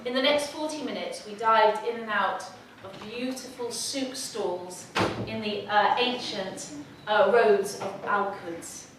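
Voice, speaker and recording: A woman's voice: mid-range voice, a little slow, hardly any pauses, a little hiss or hum. Woman storytelling in an echoey hall. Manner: lively, humorous storytelling. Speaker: speaker. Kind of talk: storytelling talk. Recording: echoey hall, mic from far off.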